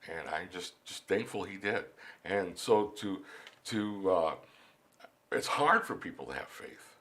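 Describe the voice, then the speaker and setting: A man in a studio interview, earnestly telling a personal faith story with animated delivery and frequent repeated words as he restarts. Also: low voice, measured pace. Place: recording studio.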